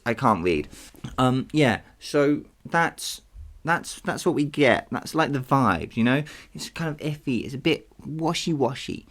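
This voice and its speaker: A solo podcast host chatting casually and poking fun at themself, full of asides. The pitch moves around a lot, giving the talk a lively, animated feel. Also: unhurried. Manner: chatty and self-deprecating, with frequent asides.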